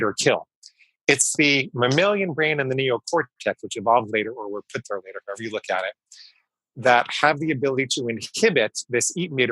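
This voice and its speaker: A man's voice: mid-range voice, bright, forceful tone, slightly rough, dry recording, low-quality recording. A man in his fifties, a psychologist guest in an interview, explaining things emphatically and repeating key phrases. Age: 50s. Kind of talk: conversational interview storytelling.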